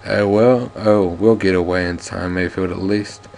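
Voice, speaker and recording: A man's voice: low-pitched, fairly even intonation, unhurried, creaky, darkish tone, a little hiss or hum. A man reading the lines of a defiant, protective male hero firmly, with small slips.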